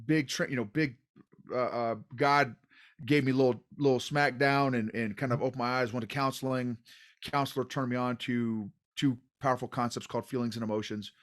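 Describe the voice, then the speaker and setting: A man's voice: medium pitch, steady tone, fairly quick. A man in his forties hosting a podcast interview, eager and informal, laughing often between questions. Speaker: podcast host. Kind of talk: casual interview chat.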